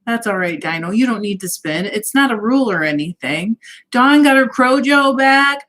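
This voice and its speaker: A woman with a slightly high voice hosts a relaxed livestream from her home. She greets viewers one by one, reads their comments aloud and laughs easily, speaking into a webcam mic. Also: normal speed. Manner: cheerful, greets viewers by name, laughs often. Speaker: livestream host. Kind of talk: casual livestream chat, reading out comments.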